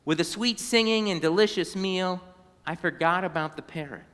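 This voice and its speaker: A man reading a children's storybook aloud in a synagogue, animated and now and then singing short phrases. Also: high-pitched, normal speed, clear, resonant tone, big-room sound. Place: synagogue sanctuary.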